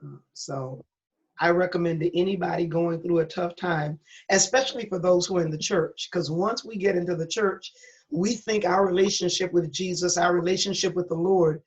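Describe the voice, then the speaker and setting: A woman's voice: on the low side, moderate pace. Earnest middle-aged woman, dull lo-fi sound. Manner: candid, earnest storytelling with a preacher's emphasis. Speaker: pastor and guest. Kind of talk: personal testimony in an interview. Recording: dull lo-fi recording.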